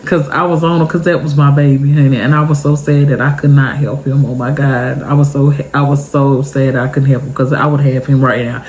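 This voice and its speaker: Young woman vlogging, kinda teary, super expressive, chats right at her viewers, light hiss behind. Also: a bass voice, a little fast, few pauses. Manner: expressive, heartfelt, chatty, addresses viewers directly. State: tearful. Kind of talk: emotional storytime vlog.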